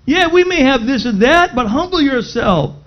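Casting: male pastor preaching, high voice, dull lo-fi sound, dramatic swings. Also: lively intonation, moderate pace. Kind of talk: sermon.

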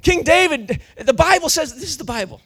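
A man preaching with fervor, his voice unusually high and bright. He talks in slang, trips over restarts and climbs into shouts as he builds. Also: animated, fairly quick. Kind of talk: sermon.

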